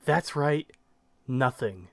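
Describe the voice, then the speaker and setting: A young man co-hosting a casual commentary podcast, joking and rambling and quick to laugh. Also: mid-range voice, expressive, gravelly, a bit bright. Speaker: podcast co-host.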